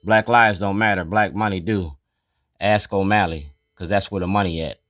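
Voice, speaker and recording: A man with a fairly low voice talks bluntly and declaratively, naming each item he points at. The sound is dry and close, with almost no room around it. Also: normal speed, fairly bright tone, no echo. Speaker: activist. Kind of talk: narrated documentary walkthrough.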